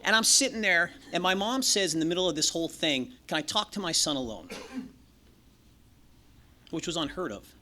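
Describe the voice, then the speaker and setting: A man's voice: on the high side, lively intonation, normal speed, long pauses, pushed and bright, a little hiss or hum. A man sharing his own recovery story as a speaker at a meeting, candid and profane, joking and acting out the voices of others. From Los Angeles. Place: meeting room.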